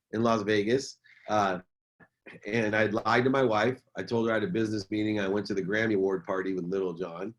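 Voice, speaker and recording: A middle-aged man, a businessman and motivational speaker, telling a personal story as a podcast guest in an earnest, emphatic way, repeating key phrases. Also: fairly low pitch.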